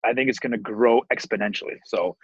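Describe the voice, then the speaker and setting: A man's voice: medium pitch, fairly even intonation, quick pace, breathy edge, no echo. A man hosting a casual podcast, reading viewer questions in an easygoing, joking way. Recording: dull lo-fi dry sound.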